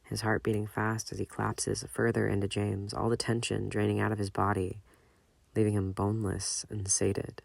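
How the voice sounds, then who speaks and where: Gravelly male audiobook narrator. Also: lowish voice, completely flat delivery, normal speed, no echo. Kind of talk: audiobook reading of fan fiction.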